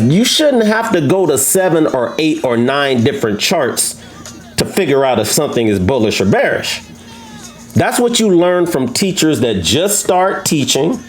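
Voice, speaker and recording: Brash, animated man teaching trading. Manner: brash, challenging, boastful; animated, swoops up into high pitch for emphasis. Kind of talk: live trading lesson to viewers.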